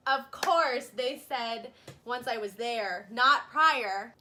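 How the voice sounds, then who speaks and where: A young woman with a high, bright, sharp voice co-hosts a casual chat vlog. She tells her stories animatedly, leaning on "like" and laughing often. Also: slow, a little hiss or hum. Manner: animated storyteller, many "like" fillers, laughs often. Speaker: co-host.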